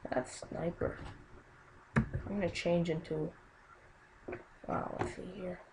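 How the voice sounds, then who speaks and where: A woman's voice: on the low side, fairly even intonation, slow pace, heavy background noise. A young woman casually commenting on her own gameplay, exclaiming often and muttering under her breath.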